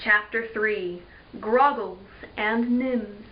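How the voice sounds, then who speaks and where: A woman reads a children's chapter book aloud at an unhurried pace. Her voice sits a little high, and she jumps into lively character voices and sound effects. The recording is dull and lo-fi. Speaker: children's librarian reading aloud. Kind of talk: storytime read-aloud.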